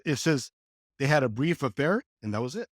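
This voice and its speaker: A man in his sixties from California, a podcast guest telling his life story in a casual, animated way and acting out the quoted dialogue. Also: fairly quick, dry recording, clean studio sound. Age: 60s. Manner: animated, acts out quoted dialogue with lively pitch jumps. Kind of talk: conversational storytelling.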